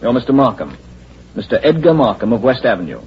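A man playing a smooth, scheming, condescending company president in a 1940s-style radio drama, on a dull old recording with faint hiss. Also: mid-range voice, big pitch swings, fast talker. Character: smooth, scheming male corporation president, mocking.

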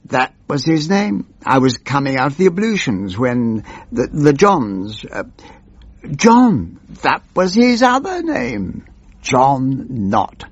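A man's voice: on the high side, sing-song, slow pace, dry recording, dull audio, voice pushed up, exaggerated voice. A man doing a doddering old pompous MP. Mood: musing. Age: older. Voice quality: creaky, husky, plummy. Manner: pompous, rambling, forgetful. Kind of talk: comic monologue.

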